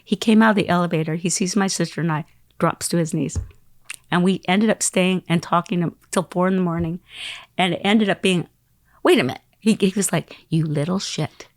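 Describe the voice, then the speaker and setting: A woman in her sixties, a podcast guest telling a long story in an animated way, acting out the voices of the people in it. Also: fairly low pitch, fairly quick, no echo, studio quality. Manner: animated, acts out quoted voices.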